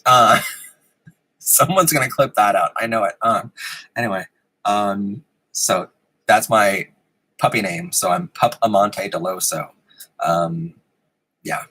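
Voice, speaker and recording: Husky giggly man on a live stream. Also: on the low side, pushed and bright, rough recording. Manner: giggly, rambling, frequent ums. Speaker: host of a live-streamed show. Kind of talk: casual live-stream chat. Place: indoor room with a fan running.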